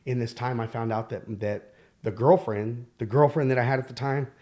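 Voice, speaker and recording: A man speaks candidly as a podcast guest, telling his own story with frequent fillers and restarts. His voice sits at an average pitch for a man. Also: steady tone, normal speed, darkish tone. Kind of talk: personal storytelling.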